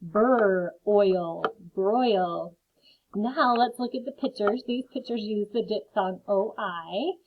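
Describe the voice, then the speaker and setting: A woman's voice: medium pitch, slow, noisy background. A woman teaching a phonics lesson to children, carefully sounding out words and adding friendly chatty asides. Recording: phone-like lo-fi audio.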